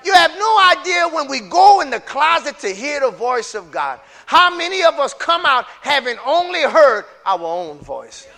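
A male pastor with a strikingly high, bright and piercing voice delivers an impassioned sermon. He swings between hushed, intimate stretches and shouted peaks. He talks straight to his congregation, with folksy asides. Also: very animated, moderate pace, few pauses.

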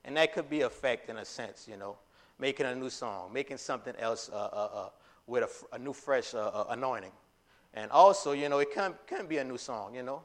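Casual preacher with frequent loud bursts. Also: male voice, mid-range voice, a little fast. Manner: casual, conversational preaching with many fillers and restarts; bursts into loud emphatic lines. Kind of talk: sermon.

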